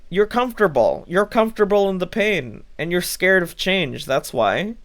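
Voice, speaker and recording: A man's voice: high voice, very animated, normal speed, hardly any pauses, a bit bright. A man streaming live, bluntly lecturing his chat with lots of swearing. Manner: blunt, scolding, swears freely.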